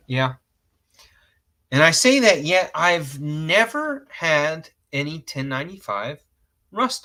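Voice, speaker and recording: A man's voice: on the high side, bright, forceful tone. A man from Georgia, hosting a casual gear review in a rambling, self-correcting way, laughing at his own jokes and cursing mildly. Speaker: host reviewing outdoor knives.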